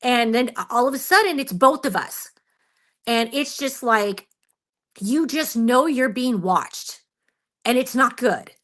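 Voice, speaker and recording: This is a woman guest on a radio show, recounting a story with lively, expressive energy. Her voice is fairly high and very bright, and she laughs often as she talks. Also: slow pace. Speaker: Bigfoot researcher guest.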